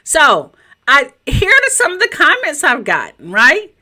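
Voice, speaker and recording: Animated Southern woman coaching viewers. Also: measured pace. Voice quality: a little high-pitched. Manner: animated, chatty, talks straight to viewers. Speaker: business coach. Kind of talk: live-streamed teaching presentation. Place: home office.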